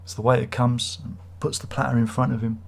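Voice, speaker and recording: A man's voice: mid-range voice, flat delivery, brisk, gravelly. A man hosting a casual live stream, reading out viewer comments and joking in a rambling, self-mocking way.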